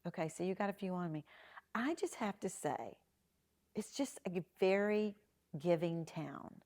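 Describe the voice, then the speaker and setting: Animated woman telling stories. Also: on the low side, unhurried. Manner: animated storyteller, acting out quoted dialogue. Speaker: podcast guest. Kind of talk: storytelling in a casual interview.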